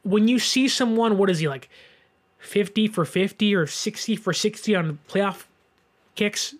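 A man's voice: high voice, unhurried. A man in his twenties hosting a solo sports show, giving emphatic commentary. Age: 20s. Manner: animated, emphatic rant.

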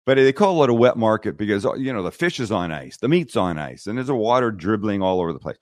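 A middle-aged man who hosts cooking shows on TV and YouTube is a guest in a podcast studio, talking fast in a lowish voice. He tells stories bluntly during the casual interview, acting out the people in them. The studio microphone gives a dry, clean sound.

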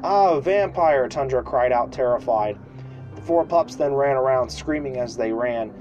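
A man reads a homemade children's story aloud at a moderate pitch. He trips over words and restarts lines in a casual, unpolished read. Faint music plays behind him. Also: normal speed, muffled recording. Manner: reads with slips and restarts, shouting the screams. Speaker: storyteller reading a fan story.

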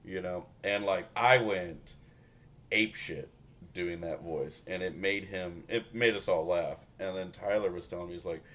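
A man's voice: deep voice, moderate pace, fairly bright tone, lo-fi sound. A man co-hosting a podcast in casual chat, rambling and profane and laughing often. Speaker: podcast co-host.

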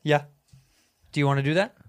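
A man co-hosting a podcast, enthusiastically pitching ideas in casual, profane chat. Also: fairly quick, smooth, dry recording, clean studio sound. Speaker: podcast co-host.

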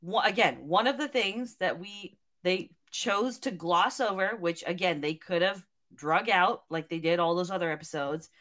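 A woman's voice: fairly low pitch, normal speed, hardly any pauses, fairly bright tone. A woman with a Southern US accent co-hosting a podcast review, restarting her sentences as she earnestly picks at flaws. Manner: hesitant restarts, earnest nitpicking. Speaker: podcast co-host. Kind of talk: casual chat.

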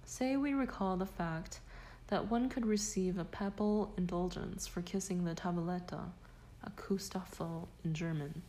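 A woman narrating a scholarly nonfiction audiobook in a measured, deliberate manner. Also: medium pitch, mellow, rough recording. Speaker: audiobook reader.

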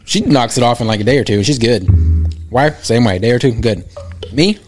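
A man in his thirties, co-hosting a podcast, with a wry, deadpan way of talking. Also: mid-range voice, brisk, faint music behind. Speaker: podcast co-host. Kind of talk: casual chat.

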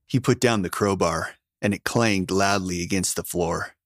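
A man narrates a story in a steady, measured way. His low voice is recorded close and dry. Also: dry recording. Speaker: audiobook narrator. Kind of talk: scripted narration.

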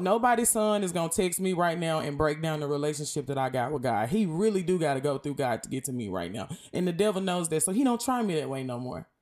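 A young woman hosting a podcast, giving casual, lively faith encouragement. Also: medium pitch. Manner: lively, animated, preachy and conversational. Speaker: podcast host.

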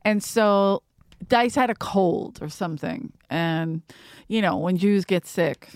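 A woman hosting a podcast in casual chat, telling profane, animated stories and acting out what people said. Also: fairly low pitch, slow pace, no room sound, clean studio sound. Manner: profane, animated storytelling with acted-out quotes. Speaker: podcast host.

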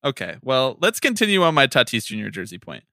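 A man co-hosting a casual sports chat, ranting in an animated way, swearing and laughing often. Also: medium pitch, fast talker, no room sound, studio quality. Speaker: podcast co-host.

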